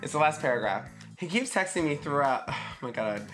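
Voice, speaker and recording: A woman guest on a podcast, reading a listener's letter aloud and breaking off into loud squeals and asides. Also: low-pitched, animated, fairly quick, faint music behind.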